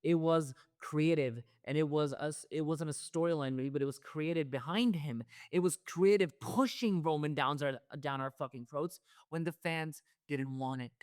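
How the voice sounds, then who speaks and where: A man's voice: on the high side, moderate pace, hardly any pauses, a little mellow, clear, resonant tone, no room sound. Man ranting heatedly, dry close sound. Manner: heated, profane, repetitive ranting. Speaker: wrestling commentary host. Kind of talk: ranting reaction commentary.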